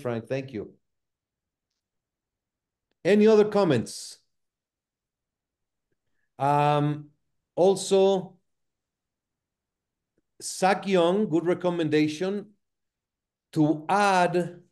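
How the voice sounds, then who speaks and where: Brief: male seminar host, slightly higher voice, mellow, talks slowly and deliberately. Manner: measured, unhurried moderator. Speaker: host of referee masterclass. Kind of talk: online seminar discussion.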